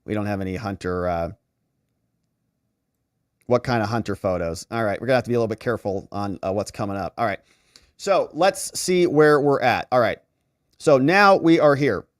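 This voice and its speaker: Male legal commentary host, casual, thinking-aloud delivery, animated pitch, dry close sound. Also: normal speed, pauses often, dry recording. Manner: thinking aloud, conversational, with fillers. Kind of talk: casual commentary reading out text messages.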